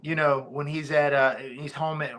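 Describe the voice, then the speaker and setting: A man's voice: fairly high pitch, flat delivery, moderate pace, fairly bright tone. Rambling man on a podcast. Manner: rambling, many restarts, laughs easily. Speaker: podcast guest, former fighter. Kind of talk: casual podcast chat.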